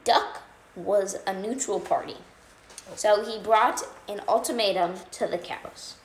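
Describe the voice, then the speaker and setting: A woman reading a children's picture book aloud on a storytime livestream, expressive and playful. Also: medium pitch, a little slow. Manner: expressive read-aloud with funny animal sounds and asides. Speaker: storytime reader. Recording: echoey room, faint background noise.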